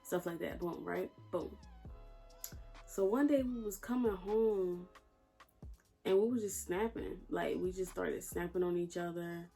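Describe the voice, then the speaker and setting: A woman's voice: on the low side, unhurried, gravelly, dark tone, husky, soft background music. A woman telling a personal story to her viewers in casual vlog chat, blunt and swearing freely, repeating lines for emphasis.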